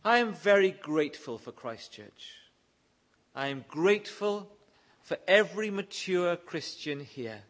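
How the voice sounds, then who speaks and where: A man's voice: sits high, animated, measured pace, a bit bright. A man preaching a sermon, reading scripture verses aloud and pressing his listeners with earnest questions. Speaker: pastor.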